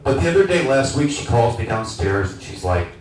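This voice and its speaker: A man in his forties doing a stand-up comedy set in a small lounge, loud, brash and crude. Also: mid-range voice, very animated, fairly quick, slight background noise. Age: 40s. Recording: echoey venue miked from a distance.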